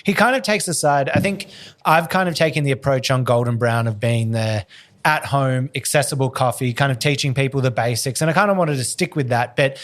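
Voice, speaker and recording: A man chats casually as a podcast co-host, loose and relaxed. His voice sits at an ordinary middle pitch, and his talk is full of easy fillers. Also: a little fast. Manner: chatty, relaxed, lots of fillers like "kind of".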